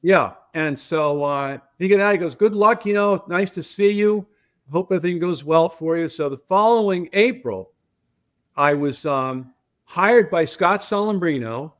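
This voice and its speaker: An older man, a transportation company founder, telling a story on a podcast in a casual, animated way and acting out the voices of the people he quotes. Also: sits high, measured pace, smooth.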